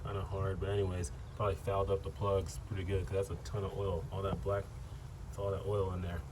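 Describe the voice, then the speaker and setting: A deep-voiced man chats casually as he works on his car, easygoing and rambling with plenty of "uh" and "um". A faint hum of noise sits behind his voice. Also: little pitch movement, quick pace. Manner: rambling, easygoing, lots of fillers. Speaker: car vlogger. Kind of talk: casual chat.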